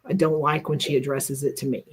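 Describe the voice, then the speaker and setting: A woman's voice: deep voice, flat delivery, a little fast, slightly rough. A middle-aged woman co-hosting a talk, telling a personal story in an earnest, reflective way and often restarting her sentences.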